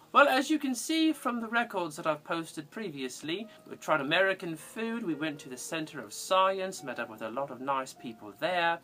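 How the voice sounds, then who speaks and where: Someone doing the whimsical Undertaker. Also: pushed and bright. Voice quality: theatrical, sing-song delivery with big pitch swings. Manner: fond, chuckling and whimsical. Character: eccentric giggling retired male undertaker, English. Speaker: fan cosplay answering viewer questions. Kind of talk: in-character fan parody video.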